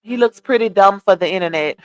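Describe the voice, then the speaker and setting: A woman's voice: medium pitch, a little fast, clean tone, lo-fi sound. A woman hosting a casual livestream, chatting with viewers, reading comments aloud and laughing often. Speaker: livestream host.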